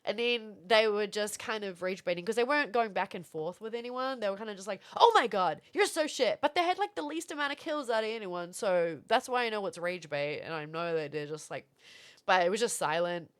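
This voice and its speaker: A young woman from Florida, streaming and chatting casually with viewers, animated and swearing now and then. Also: medium pitch, fairly quick, clean tone. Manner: animated, swearing, reads out chat. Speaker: livestreamer.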